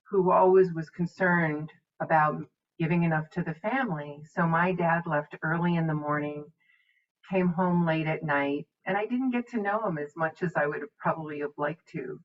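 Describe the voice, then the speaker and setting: A middle-aged woman minister and medium telling a reflective spiritual story. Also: low-pitched. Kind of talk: spiritual talk. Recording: dull distant mic.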